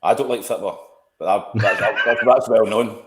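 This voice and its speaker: A man's voice: on the low side, fairly even intonation, normal speed. A man, co-hosting a web show with laughing, incredulous interjections, recorded in an echoey room with faint noise. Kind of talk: casual banter.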